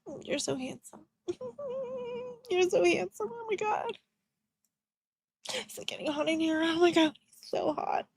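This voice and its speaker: A gushing, flirtatious woman coos compliments in a high, breathy half-whisper, as a woman mocks her. The sound is dry and close, with no room around it. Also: expressive, measured pace, pauses often, a little mellow, no room sound, heavily acted. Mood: fawning.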